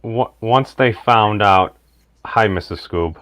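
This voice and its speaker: Stammering low-voiced male stream host. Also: slow, fairly bright tone. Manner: stammering, hesitant questioner. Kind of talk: casual chat on a live stream.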